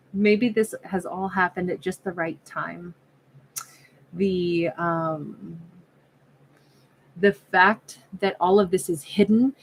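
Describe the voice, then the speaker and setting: A woman's voice: medium pitch, slightly rough, rough recording. A woman giving a casual tarot reading, chatty and musing, often stopping and restarting, and acting out imagined conversations. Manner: frequent self-interruptions and restarts. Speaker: tarot card reader.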